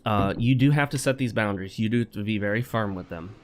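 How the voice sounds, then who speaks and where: A man's voice: lowish voice, fast. A man hosting a gaming channel, chatting wryly through a let's play and mixing in advice talk with joking asides. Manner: chatty and wry, joking asides while playing.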